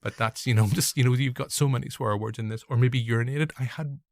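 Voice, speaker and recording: A man's voice: medium pitch, fast, dry recording. A young man with a Northern Irish accent hosting a casual film review podcast, rambling and correcting himself with joking asides. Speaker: podcast host.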